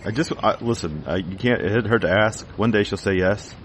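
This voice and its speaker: A man with a low voice drops deadpan quips while co-hosting a podcast. His tone stays casual among friends. A faint hiss sits under the recording. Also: normal speed. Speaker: podcast co-host.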